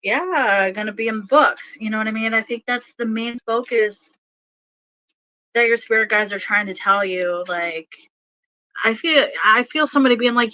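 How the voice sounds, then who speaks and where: A woman's voice: fairly high pitch, normal speed, sharp tone, no echo, highs cut off. A woman giving a casual tarot reading who rambles with many fillers and laughs often. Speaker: tarot reader.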